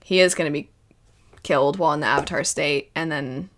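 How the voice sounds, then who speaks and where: A woman hosting a video and giving casual reaction commentary on a cartoon series, animated and emotional and laughing often. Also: low voice, brisk, slight background noise.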